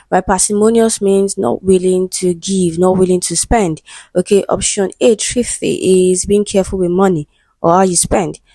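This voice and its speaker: A woman's voice: medium pitch, warm tone, no echo. A woman, an English exam tutor, working through answers step by step and often checking in with "right?". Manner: methodical, checks in with "right?" and "okay".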